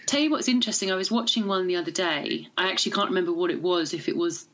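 A woman's voice: fairly low pitch, fast talker, a bit bright. A woman in casual chat, candid and sweary, telling stories with animation.

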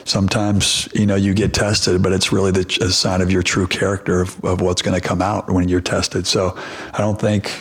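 A man's voice: low-pitched, level tone, normal speed, husky. A middle-aged man, a basketball coach, answering press questions and telling a long story with many restarts and fillers.

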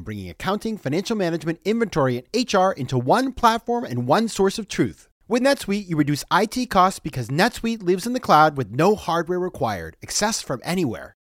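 A man reading a scripted ad in a smooth, salesy way. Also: a little high, dry recording, studio quality. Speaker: ad announcer. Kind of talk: scripted ad read.

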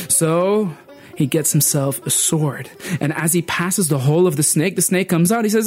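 A man performing a folk tale as a storyteller, expressive and dramatic, shifting pitch and pace. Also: normal speed, slightly rough, faint music behind.

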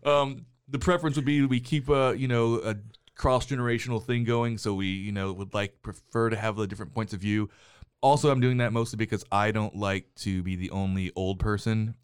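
Middle-aged dad cohosting a movie podcast, lowish voice, teasing and fake-exasperated, dry close studio sound. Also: male voice, steady tone, a little fast, smooth, no room sound. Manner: wry, teasing, mock-exasperated. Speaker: podcast co-host, father. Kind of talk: casual movie chat. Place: studio booth.

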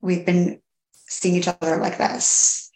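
A woman in her thirties tells her own story in a halting, candid way, stopping and restarting and leaning on fillers. Her voice sits low and carries a gravelly edge. The recording has the echo of a bare room. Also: steady tone, darkish tone. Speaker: podcast guest. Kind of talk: candid personal interview. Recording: echoey room.

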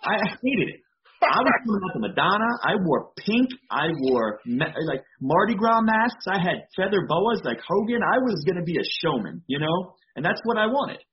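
Male wrestler guest, higher pitch, loose chatty delivery, faint background noise. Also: big pitch swings, normal speed, dull audio. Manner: rambling, fillers of "you know". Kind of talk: casual interview talk.

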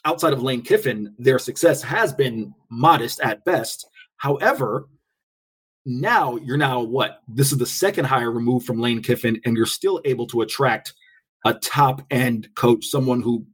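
Husky-voiced man on a sports podcast. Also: mid-range voice, unhurried. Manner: loose and jokey, laughs often, trips over words. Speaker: podcast co-host. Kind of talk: casual sports podcast chat.

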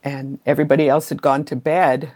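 A middle-aged woman being interviewed, recounting her childhood memories in a measured way that slows down at the key moments. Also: a bass voice, little pitch movement, a little mellow. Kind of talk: storytelling interview.

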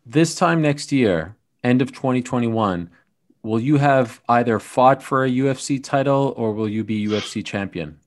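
A man's voice: mid-range voice, moderate pace. Male interviewer asking direct questions.

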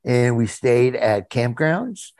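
A man's voice: medium pitch, lively intonation, slow pace, darkish tone, no room sound. Folksy, enthusiastic middle-aged man. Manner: folksy, enthusiastic, laughs often. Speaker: voice actor guest. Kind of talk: casual interview.

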